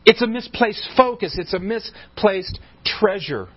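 Husky-voiced man preaching a sermon. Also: sits high, animated, measured pace, lo-fi sound. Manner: emphatic preaching with frequent stumbles and repeated words. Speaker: pastor.

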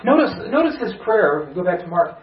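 A man's voice: high-pitched, big pitch swings, normal speed. A male pastor preaching an earnest sermon, building to urgent emphasis with rhetorical questions, recorded in a church. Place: church sanctuary. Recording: roomy, distant church sermon recording, slightly dull.

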